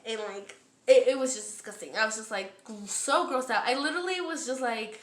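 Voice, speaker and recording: A woman's voice: a little high, a little fast, a bit bright, roomy sound. A woman in a casual storytime vlog, chatty and profane, full of "like" and acted-out quotes. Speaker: storytime vlogger.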